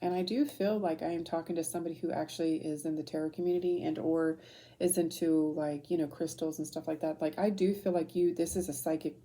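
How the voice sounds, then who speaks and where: A woman's voice: low voice, fairly even intonation, fast talker, dark tone. A woman in her thirties giving a rambling, emotional tarot reading, choked up and full of fillers and restarts. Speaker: tarot reader. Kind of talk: casual intuitive reading.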